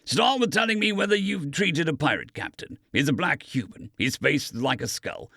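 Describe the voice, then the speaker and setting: A man's voice: on the high side, lively intonation, normal speed, bright, forceful tone, no echo, studio quality, pitched above the performer's own voice, full character voice. A man voicing a blunt, menacing furry alien soldier in an audiobook, growling his questions. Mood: gruff. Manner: growling, gruff interrogation.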